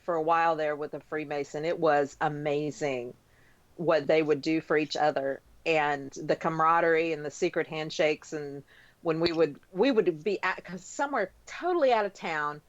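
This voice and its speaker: A woman's voice: sits low, moderate pace. A woman co-hosting a podcast, chatting casually and telling a story in a talkative way. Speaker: podcast co-host. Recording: dull, slightly lo-fi audio.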